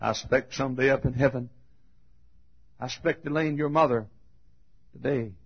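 A man preaching a fiery funeral sermon, swinging from shouted high cries to hushed low tones and laughing between phrases, in a dull lo-fi recording. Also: normal speed, breathy edge.

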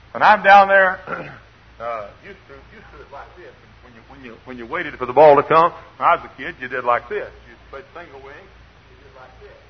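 Man, older pastor, sermon, husky gravelly voice, quiet asides and shouted exhortation, dull lo-fi recording. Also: medium pitch.

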